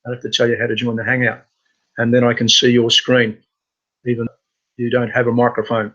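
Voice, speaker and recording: A man hosting a casual live computer training webinar, talking in a halting way with many fillers and restarts. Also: mid-range voice, completely flat delivery, fairly bright tone, muffled recording.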